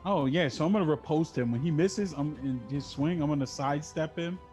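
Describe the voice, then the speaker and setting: A man's voice: fairly high pitch, fairly quick, a little mellow. A man at a tabletop game describes his character's moves in a casual way, with some cursing. Faint music plays under his voice. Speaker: player.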